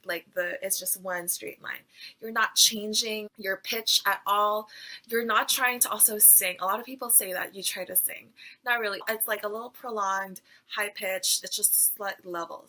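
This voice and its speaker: Bright, chatty woman teaching tones. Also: medium pitch, low-quality recording. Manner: chatty, lots of fillers, demonstrates tones aloud. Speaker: Mandarin teacher. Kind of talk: casual video lesson.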